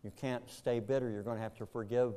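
A man's voice: medium pitch, fairly even intonation, brisk. Older man preaching with raw emotion. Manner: emotional storytelling, swinging from shouted questions to hushed, heavy delivery. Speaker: pastor. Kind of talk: sermon.

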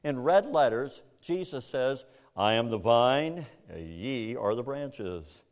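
A man preaching a sermon to a congregation, animated, jumping into loud, high acted-out voices. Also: takes it slowly. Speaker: pastor.

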